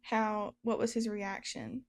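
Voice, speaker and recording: A woman's voice: fairly high pitch, flat delivery, slow pace. A woman hosting a podcast interview, guiding the guest with questions and recapping what was said. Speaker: podcast host.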